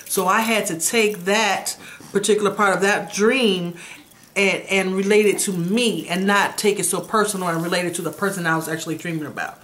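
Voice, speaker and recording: A middle-aged woman hosting a casual chat, calmly explaining what dreams mean. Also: mid-range voice, moderate pace. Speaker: host.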